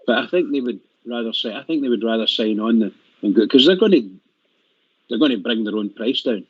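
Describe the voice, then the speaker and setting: A man's voice: medium pitch, lively intonation, slightly rough, no room sound. A man talking on a fan phone-in show, stumbling and restarting often. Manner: halting, many restarts. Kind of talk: casual phone-in chat. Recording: muffled radio audio.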